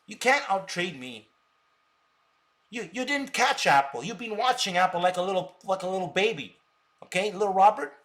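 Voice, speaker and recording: A man's voice: high-pitched, bright, forceful tone. Ranting, stammering man on a live stream. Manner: combative, ranting at viewers with repeated stammered words. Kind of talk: unscripted live stream talk.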